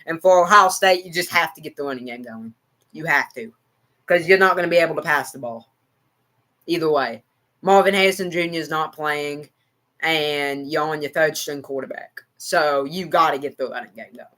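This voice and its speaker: Talking to his chat as he reacts to a football game, this American country-accented streamer rambles and keeps repeating himself. He speaks at a normal speed in a slightly high, bright voice with a forceful tone.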